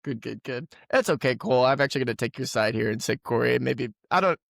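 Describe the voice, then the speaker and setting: Gravelly young man rambling casually. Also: mid-range voice, fast talker, dry recording, studio quality. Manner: rambling, self-mocking. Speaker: podcast host. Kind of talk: casual chat. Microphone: remote call mic.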